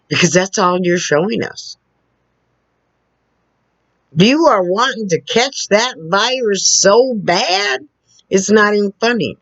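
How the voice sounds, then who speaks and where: Slow, lecturing woman on a lo-fi webcam. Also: on the low side, lively intonation, dry recording. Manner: lecturing, repeats points, checks in with "okay?". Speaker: vlogger. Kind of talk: direct-to-camera opinion rant. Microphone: camera on a computer two feet away.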